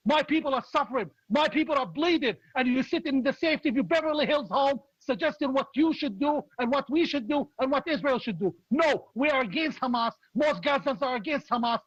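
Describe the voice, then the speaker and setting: A man, a political opposition leader, speaking in forceful, indignant commentary and repeating his key points. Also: very high voice, lively intonation, brisk, hardly any pauses, no room sound, highs cut off. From Palestinian, raised in Jordan.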